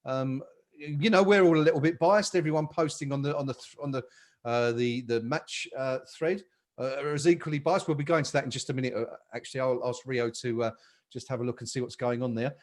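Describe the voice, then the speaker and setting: A man's voice: mid-range voice, brisk. A man hosting a live football chat stream, upbeat and reading out viewer comments. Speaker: podcast host.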